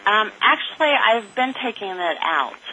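A woman's voice: medium pitch, big pitch swings, unhurried, pushed and bright, a little hiss or hum, poor audio. A woman who sets appointments, talking casually about her work with many "um" and "you know" fillers. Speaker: appointment setter.

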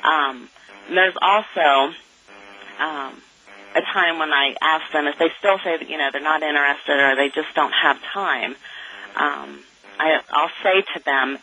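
A woman's voice: deep voice, measured pace, pushed and bright, highs cut off, slight background noise. A woman who sets appointments, talking casually about her work with many "um" and "you know" fillers. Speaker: appointment setter.

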